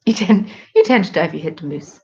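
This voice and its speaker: A woman's voice: lowish voice, expressive, quick pace, dark tone, dull audio. A British woman in her twenties hosting a live craft stream, chatting casually and teasing herself while reacting to viewer comments.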